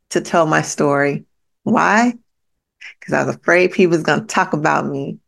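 Gravelly-voiced woman giving a blunt pep talk. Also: low-pitched, a bit bright. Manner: emphatic repetition to the listener. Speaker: podcast host. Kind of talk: motivational podcast monologue.

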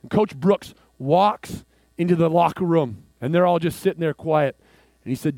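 A man preaching a sermon, telling a story and swinging from hushed, slow lines to excited outbursts. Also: fairly high pitch, no room sound. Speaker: pastor.

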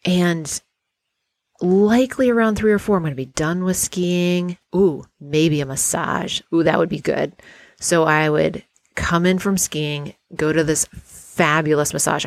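A woman hosting a guided visualization, talking in an unhurried, dreamy way and inviting the listener to picture a perfect day. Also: deep voice, no echo. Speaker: host guiding a visualization exercise.

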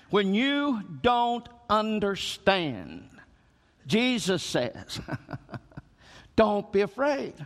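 High-voiced preacher in a reverberant hall. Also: male voice, fairly bright tone. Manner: preaching with emphatic rises and slow, stretched phrases. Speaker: pastor. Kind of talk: sermon.

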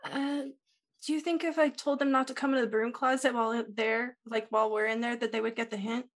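A woman's voice: on the high side, steady tone, a little fast. A woman playing a tabletop role-playing game, talking in a hesitant, rambling way with many fillers. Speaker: player. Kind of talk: in-character tabletop play.

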